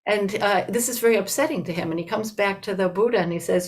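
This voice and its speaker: An older woman giving a Buddhist dharma talk, telling a story in an unhurried, conversational way with many "you know"s and restarts. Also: mid-range voice, rough recording.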